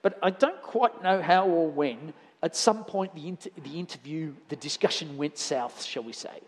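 A man's voice: fairly high pitch, expressive, moderate pace. A man giving a conversational sermon in church, telling anecdotes with frequent restarts. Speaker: lay preacher. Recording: church hall reverb.

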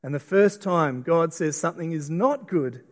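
A middle-aged Australian man preaches a sermon with a slightly raised pitch. He speaks earnestly, often repeating and restarting his words. His voice carries the long reverb of a church hall. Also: animated, normal speed. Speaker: pastor. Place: church auditorium.

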